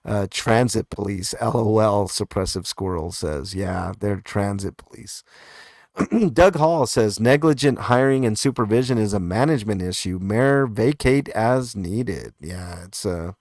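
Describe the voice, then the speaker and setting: A man with a lowish voice hosts a relaxed comment-reading show, drifting through fillers and little laughs as he goes. The sound is dry and close, with no room around it. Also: unhurried, no echo. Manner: laid-back, hesitant, lots of fillers and chuckles. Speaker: host reading viewer comments. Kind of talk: casual live comment show chat.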